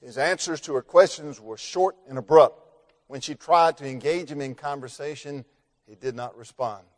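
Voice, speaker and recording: A man preaching a sermon through a story, rising to loud emphasis and dropping to hushed tones, slowing down on key words. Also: medium pitch. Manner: dramatic, swings between loud emphasis and hushed near-whispers, slows for key words.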